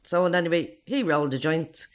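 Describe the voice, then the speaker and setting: A woman's voice: low voice, fairly quick. Blunt, foul-mouthed Irish woman in her forties. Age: 40s. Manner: blunt, swears freely, acts out others' lines. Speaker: interviewee. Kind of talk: recounting her life story.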